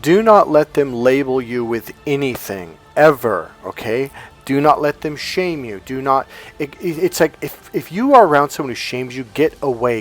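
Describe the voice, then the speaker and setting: Man giving an emphatic coaching talk. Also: mid-range voice. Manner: storytelling, emphatic repetition. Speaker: life coach. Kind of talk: casual motivational monologue.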